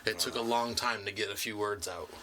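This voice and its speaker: A man's voice: lowish voice, fairly even intonation, a little fast, bright, forceful tone. A man co-hosting a casual podcast, telling anecdotes and laughing often. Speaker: podcast co-host. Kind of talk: casual chat.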